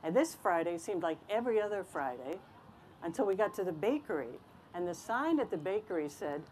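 A woman reading a picture book aloud to children, telling the story in an expressive, animated way. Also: on the low side, fairly quick, a little hiss or hum.

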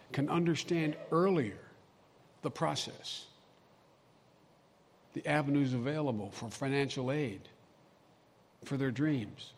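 A man's voice: a little high, creaky, a little mellow, husky. An older man giving a folksy, emphatic public speech full of personal stories. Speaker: vice president giving a speech. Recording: long hall reverb, faint ambient noise.

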